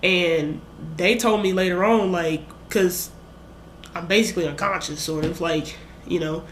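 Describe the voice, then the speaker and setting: A young female vlogger with a fairly low pitch tells a story at a measured pace, rambling in a lively, casual way and acting out her own lines. There's slight background noise, and the room echoes.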